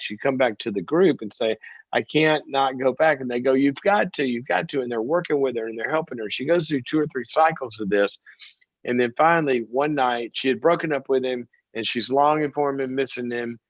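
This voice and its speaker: A man's voice: mid-range voice, no room sound. A middle-aged man hosting a call-in advice show, telling stories and acting out the voices of the people in them. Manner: animated storytelling, acts out quoted voices. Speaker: talk show host and psychologist. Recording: dull dry close mic.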